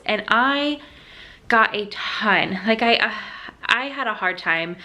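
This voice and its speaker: A young adult woman vlogger in an emotional, heartfelt sit-down chat, halting and tearful at times. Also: mid-range voice, bright, forceful tone.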